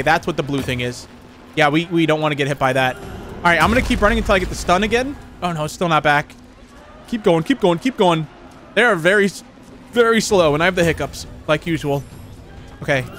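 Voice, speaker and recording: A young man giving rambling, excitable commentary while playing a horror game. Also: high voice. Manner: rambling, excitable, many fillers. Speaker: gaming channel host. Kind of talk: let's play commentary.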